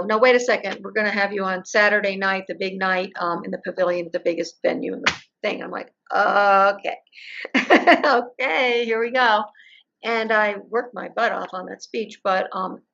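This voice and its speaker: An older woman answers as an interview guest with a gravelly texture in her voice. She tells her story and acts out the remarks of the people in it. The audio is muffled and lo-fi. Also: mid-range voice, fairly bright tone. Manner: storytelling, acts out quoted exchanges.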